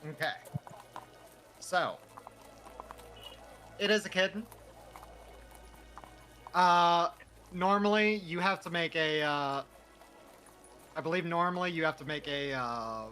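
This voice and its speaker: A man narrating a tabletop role-playing game as dungeon master, chatty and animated with many fillers. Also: a little high, slow pace, pauses often, faint music behind.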